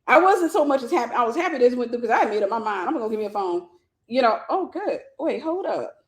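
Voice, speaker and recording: A woman hosting a storytelling vlog, retelling a phone call in an animated way and acting out both sides of the conversation. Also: a little high, fast, echoey room. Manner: animated retelling, acts out dialogue. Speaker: vlog host.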